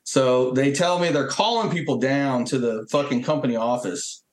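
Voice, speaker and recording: Speaking at a normal speed in a mid-range voice, this guest is a Marine Corps veteran swapping stories in a relaxed way. His telling is profane and lively, full of acted-out quotes, recorded in a room with echo.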